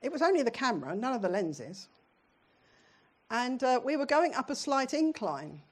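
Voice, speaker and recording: A woman's voice: high voice, very animated, normal speed. A middle-aged British woman preaching a sermon in a church, in a conversational way, often putting questions to her congregation.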